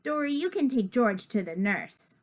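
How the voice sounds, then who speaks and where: A firm but caring schoolteacher from a storybook, speaking in a clear, lively voice that rises and falls, as a woman reads her part. She sounds like a grown-up in charge of a classroom. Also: a little high, moderate pace.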